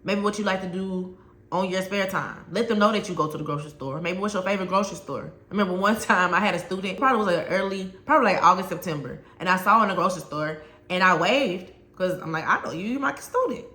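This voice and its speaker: A woman's voice: lowish voice, quick pace, sharp tone, echoey room. A woman, a former teacher, giving conversational classroom advice to other teachers, telling stories and repeating key points for emphasis.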